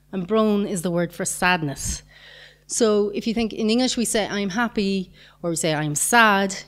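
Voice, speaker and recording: A woman giving a conference talk, patiently explaining grammar with examples and the odd light chuckle. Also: medium pitch. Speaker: conference speaker.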